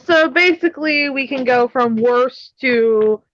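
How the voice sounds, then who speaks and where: A woman's voice: high voice, a little slow, lo-fi sound, slight background noise. A woman co-hosting a casual chat, blunt and sarcastic, swearing freely. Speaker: co-host.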